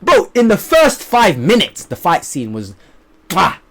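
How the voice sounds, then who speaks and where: Speaking a little slowly, a young man gives a movie review to camera in a laid-back vlog. His energy is high and animated, jumping between loud bursts and quiet muttering, with plenty of swearing.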